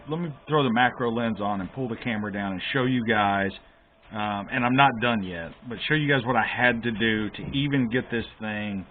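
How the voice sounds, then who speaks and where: An exasperated man talks through a console repair at his workbench, stressing his words about botched work. His voice sits at an ordinary middle pitch. The sound is thin and phone-like, with a faint hiss underneath. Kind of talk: casual repair walkthrough.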